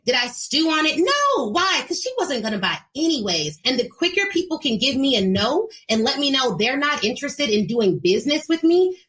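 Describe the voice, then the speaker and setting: A woman's voice: sits high, fairly bright tone. An American woman hosting a solo podcast as a speaking coach, talking to listeners in an emphatic, preachy and direct way. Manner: plays quoted voices in her retelling. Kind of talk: solo motivational business talk.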